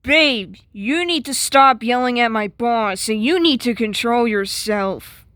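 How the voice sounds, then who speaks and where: Woman doing a sassy washing machine girlfriend, kinda high, swoopy voice, dry close mic. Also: animated, a little slow, a bit bright, no echo, raised voice. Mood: exasperated. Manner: sassy, exasperated. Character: exasperated young female washing machine girlfriend. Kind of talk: comic strip voice acting.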